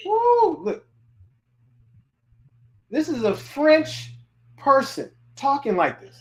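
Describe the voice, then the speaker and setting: A man's voice: very high voice, wildly swooping pitch, extremely slow. A man teaching a course on a livestream in a loose, informal way, with many fillers, restarts and repeated words. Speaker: course instructor. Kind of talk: casual livestream lecture.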